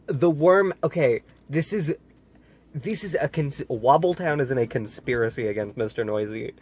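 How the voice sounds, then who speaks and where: A man's voice: medium pitch, lively intonation, moderate pace, a little mellow, husky. A man reading a children's book aloud and breaking off for sarcastic, incredulous comments. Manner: sarcastic asides, incredulous questions. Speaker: reader.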